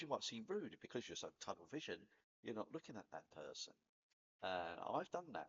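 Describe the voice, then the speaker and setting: A man's voice: mid-range voice, husky, highs cut off. A man with a Cockney accent talking casually to camera, chatty and rambling, laughing at himself now and then. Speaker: vlogger. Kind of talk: casual spoken talk to camera.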